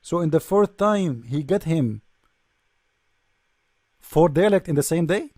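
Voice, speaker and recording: Male host, high voice, dry close sound, sarcastic and mocking, frequent restarts. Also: animated, a little slow, darkish tone, no echo. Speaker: debate show host. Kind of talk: polemical commentary reading from a screen.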